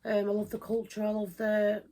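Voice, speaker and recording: A woman co-hosting a podcast in casual chat, talking earnestly in quick bursts. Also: medium pitch, completely flat delivery, dark tone. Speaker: podcast co-host.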